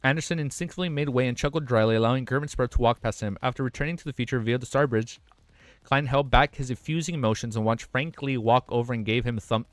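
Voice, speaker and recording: A young man reads a web novel aloud on a live stream and keeps breaking off into excitable, slangy, swearing reactions. His voice is bright and forceful and sits a little high. The sound is dry and close, with no room echo. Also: normal speed.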